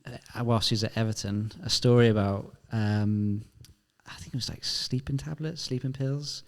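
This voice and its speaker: A man hosting a podcast interview, relaxed and conversational, prompting his guest along. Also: on the low side, normal speed. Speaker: podcast host. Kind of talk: casual interview chat.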